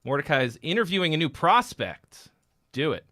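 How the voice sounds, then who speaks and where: A man's voice: a little high, big pitch swings, normal speed, pushed and bright, no echo, studio quality. A man hosting a live stream where he reviews viewer songs, joking crudely and rambling with lots of fillers. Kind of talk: casual live-stream chat.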